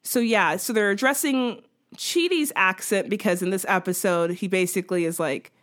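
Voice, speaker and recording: A woman talking through a TV episode in relaxed conversation. She rambles along with plenty of fillers and small laughs, at a middle pitch. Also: normal speed. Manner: chatty, many fillers, laughs while talking. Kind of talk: casual chat recapping a TV episode.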